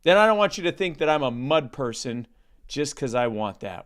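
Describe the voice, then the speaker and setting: Very animated, this man speaks at normal speed in a mid-range voice with a fairly bright tone. He's co-hosting a podcast, working through a long stuttering joke and a meandering comic ad read.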